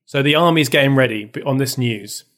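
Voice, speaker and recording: A man's voice: mid-range voice, brisk, fairly bright tone. A man co-hosting a casual book discussion, retelling the story in a chatty way with frequent fillers. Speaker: podcast co-host.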